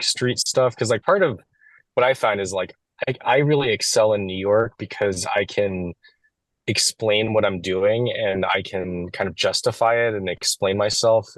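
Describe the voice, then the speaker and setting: A man's voice: fairly low pitch, dry recording, poor audio. A man in his late thirties, an interview guest talking loosely and leaning on "like" and "you know". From United States. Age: 30s. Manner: relaxed, filler-heavy with frequent "like". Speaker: guest photographer. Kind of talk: casual conversation.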